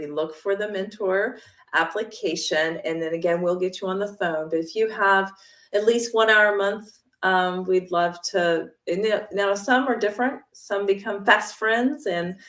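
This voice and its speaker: A woman's voice: medium pitch, moderate pace, fairly bright tone. A woman representing a mentorship program, talking in an upbeat, persuasive way during a livestream interview. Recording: roomy sound, far from mic.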